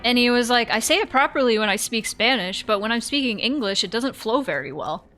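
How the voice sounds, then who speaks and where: A woman streamer chatting casually during a horror game, telling rambling, animated stories and yelping at scares. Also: fairly high pitch, brisk. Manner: rambling, animated storytelling with sudden yelps. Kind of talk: casual live-stream chat.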